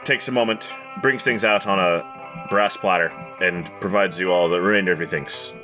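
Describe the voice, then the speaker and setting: A man's voice: low-pitched, normal speed, over music. A man narrating as game master of a tabletop game, wry and a bit hesitant.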